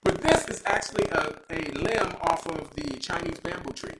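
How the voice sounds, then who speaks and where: A man's voice: a little high, moderate pace. A man from Texas, hosting a live show in a playful, preachy storytelling way. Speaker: host. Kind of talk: lively live show talk. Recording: echoey room with loud noise.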